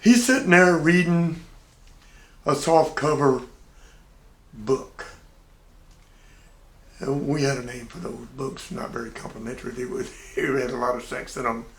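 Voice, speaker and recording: A man's voice: medium pitch, measured pace, pauses often. An older man, a navy veteran, telling a casual, plain-spoken anecdote with chuckles and swearing. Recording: echoey room.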